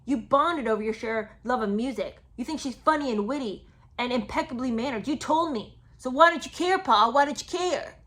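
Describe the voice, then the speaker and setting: A woman mimicking an aggrieved, self-righteous young man who pleads loudly and emphatically. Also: fairly high pitch, animated, a little slow. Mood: pleading.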